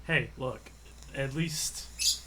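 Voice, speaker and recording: A man's voice: medium pitch, drawn-out words, bright, forceful tone, a little hiss or hum, low-quality recording. A man co-hosting a podcast, chatting casually and reacting with short, laid-back replies. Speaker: podcast co-host. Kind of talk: casual chat.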